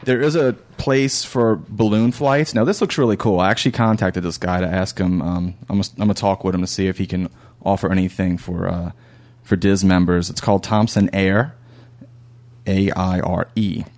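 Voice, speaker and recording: A man's voice: low-pitched, steady tone, normal speed, darkish tone. A man co-hosting a casual podcast, reading out a listener's email and then plainly listing tour details and prices. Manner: reads listener mail and lists details plainly.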